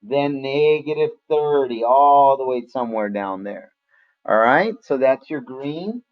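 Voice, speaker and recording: A man's voice: medium pitch, expressive, a little slow, dull audio. A man teaching a math lesson to a class online in a casual, friendly way, calling on students by name.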